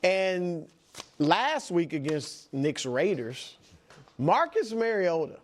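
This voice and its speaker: A man with a high voice and a very animated delivery. He reels off football statistics as he argues on a sports panel. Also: takes it slowly, a little hiss or hum. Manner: animated, rattles off stats. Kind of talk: casual sports debate.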